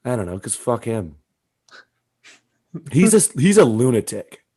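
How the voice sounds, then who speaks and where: A man with a deep gravelly voice, co-hosting a casual comedy podcast, swearing freely and riffing with laughs. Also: very animated, unhurried, mellow. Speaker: podcast co-host.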